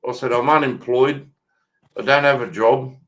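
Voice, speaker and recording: A man's voice: medium pitch, fairly even intonation, normal speed, fairly bright tone. An Australian man with an Australian accent, telling a story bluntly and swearing freely as a co-host in a casual chat. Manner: blunt, swears freely, retells calls in a mocking voice.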